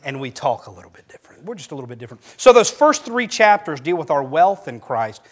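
A middle-aged man, a pastor, delivers a sermon in a slightly high voice and talks fast. He tells stories in an animated way, and his voice climbs whenever he quotes someone.

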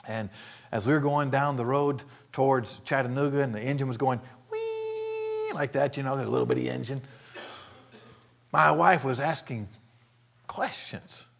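A man preaching a sermon, telling a personal story, dropping to hushed asides and rising to shouted praise. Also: medium pitch, sing-song, moderate pace, gravelly.

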